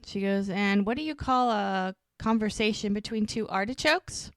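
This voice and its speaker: Speaking at a normal speed in a medium-pitched voice, a woman co-hosts a podcast and casually goes over an episode while performing the characters' lines. The sound is dry and studio-clean.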